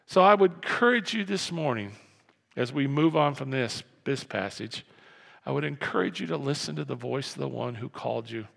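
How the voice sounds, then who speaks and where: Gravelly pastor preaching in a reverberant hall. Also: male voice, medium pitch, normal speed. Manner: animated, acts out crowd and beggar voices, repeats phrases. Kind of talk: sermon.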